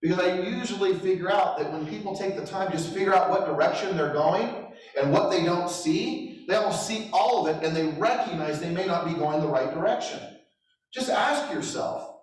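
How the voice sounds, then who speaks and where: This high-sitting male voice moves at a moderate pace as a middle-aged real estate trainer tells motivational stories, poking fun at himself and chuckling along the way. It's captured from afar in a hall with plenty of echo.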